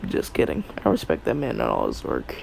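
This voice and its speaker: A man's voice: extremely low pitch, wildly swooping pitch, brisk, vocal fry, darkish tone, a little hiss or hum, rough recording. A man casually telling a fan story, rambling with many fillers and offhand asides.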